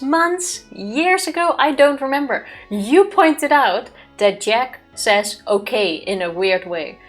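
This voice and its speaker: A woman co-hosting a game let's play, chatting casually and teasing her partner back. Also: high voice. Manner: lively, laughs easily, teasing back. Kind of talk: casual chat while playing a game.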